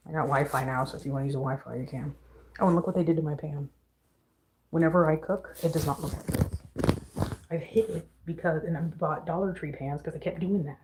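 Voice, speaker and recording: A young woman vents to camera on a casual vlog, frustrated and swearing freely as she mimics her roommate. Her deep voice is steady and brisk, against a noisy background.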